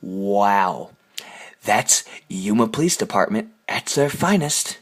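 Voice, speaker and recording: A man's voice: on the low side, animated, slow pace. A man telling a story on his vlog in a heated, sarcastic rant full of swearing. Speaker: vlogger. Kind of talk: angry ranting storytelling.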